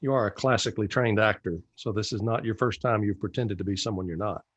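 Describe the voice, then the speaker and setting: Man, novelist guest, husky voice, measured chat. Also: on the low side, dull audio. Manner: measured, with many fillers. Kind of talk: casual podcast chat.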